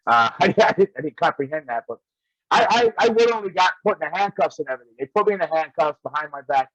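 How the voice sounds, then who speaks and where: A man with a fairly high voice tells rambling stories and breaks into laughter again and again. The sound is dry and a bit dull, like a lo-fi recording. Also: lively intonation, fast talker, a bit bright, no echo. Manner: laughs often while telling stories. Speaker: guest wrestler. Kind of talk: casual storytelling.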